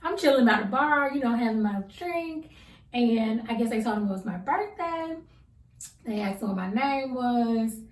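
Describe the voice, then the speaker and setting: A woman's voice: fairly high pitch, animated, normal speed. Chatty woman vlogger in a roomy space. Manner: chatty, rambling storyteller with colloquial slang. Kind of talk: casual get-to-know-me chat. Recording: roomy sound from a distance.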